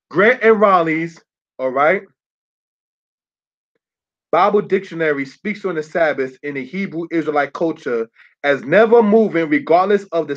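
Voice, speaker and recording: Man, congregation teacher, sermon with slides, fairly high voice, repeats points and checks in with listeners, dull lo-fi recording. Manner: repeats key phrases, checks in with the audience. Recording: dull lo-fi sound.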